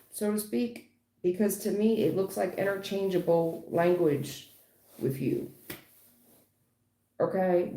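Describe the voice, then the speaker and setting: A woman's voice: mid-range voice, warm tone. Blunt tarot reader woman, echoey room. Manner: blunt, emphatic, swears casually. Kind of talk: livestream tarot reading.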